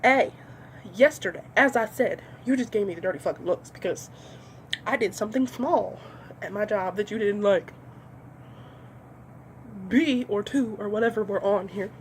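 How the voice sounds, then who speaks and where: A young woman rants through a comedy bit, swearing freely and slipping into little voices for the people she mocks. Her pitch sits in a middling range, and a faint hiss runs behind her. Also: normal speed, long pauses. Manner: profane, ranting, acts out voices. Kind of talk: comedic monologue.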